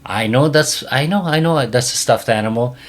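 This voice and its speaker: At a steady, moderate pace, this man shares dog training guidance on a relaxed podcast, hammering points home again and again and often going low and hushed.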